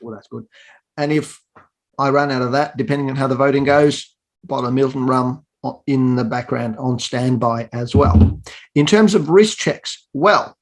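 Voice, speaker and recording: A man's voice: medium pitch, normal speed. A man hosting a tongue-in-cheek awards segment from home over a video call, teasing and self-mocking with dry humor. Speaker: awards presenter.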